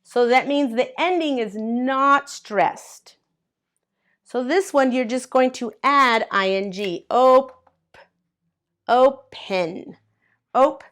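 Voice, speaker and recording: A woman's voice: high-pitched, slow pace, long pauses, a bit bright. A woman teaching an English grammar lesson to learners, patiently spelling out letters and clapping out syllables. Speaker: ESL teacher. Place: at a board, writing in colors.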